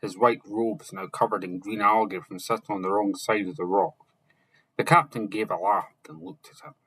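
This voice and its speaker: A man narrating chapters of a fantasy novel, reading slowly and haltingly, sometimes correcting himself and only lightly voicing the characters. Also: on the low side, fairly bright tone, husky, low-quality recording. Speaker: audiobook narrator.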